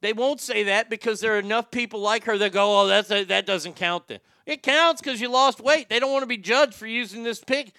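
Brief: male host, high bright voice, sarcastic and profane, dry close sound. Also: a little fast, hardly any pauses, clear, resonant tone, dry recording. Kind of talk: ranting celebrity commentary.

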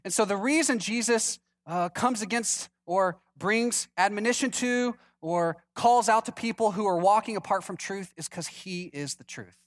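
A man's voice: high voice, normal speed, few pauses. A male pastor preaching a sermon with humor, acting out the people in the story in different voices. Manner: lively, acts out quoted voices for humor.

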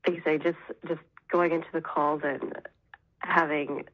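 A woman with a deep, low voice calling in over a muffled, lo-fi line. She sounds hesitant and agreeable, with short answers and restarts. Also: flat delivery, moderate pace. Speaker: caller, coach in training. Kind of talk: phone call-in conversation. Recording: dull lo-fi phone line.

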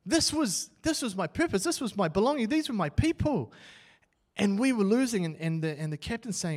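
A man pastor preaching a sermon, telling a personal story with animated swings from loud outbursts to hushed lines. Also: high voice, fast talker.

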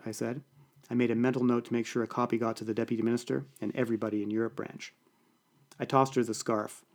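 A man's voice: mid-range voice, fairly even intonation, fast. A man with a Canadian accent reading a first-person story aloud in a dry, wry way. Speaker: audiobook narrator. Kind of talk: first-person scripted narration.

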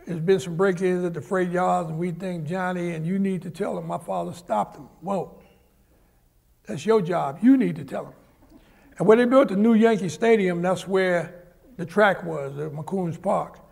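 High, gravelly older New man. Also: moderate pace, a little mellow. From Harlem, New York. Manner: vivid anecdotal storyteller, acts out the people in his stories. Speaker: guest, former Olympic sprinter. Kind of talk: storytelling on stage. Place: large auditorium, live event.

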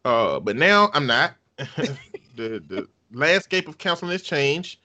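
A man's voice: medium pitch, very animated, measured pace, sharp tone. A man hosting a podcast in casual chat, laid-back and joking, often laughing. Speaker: podcast host.

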